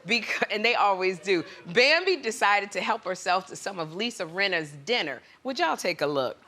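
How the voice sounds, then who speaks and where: A woman guest-hosting a talk show, telling a comic story in an animated way and acting out the quotes herself. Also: medium pitch, moderate pace. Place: TV studio with live audience.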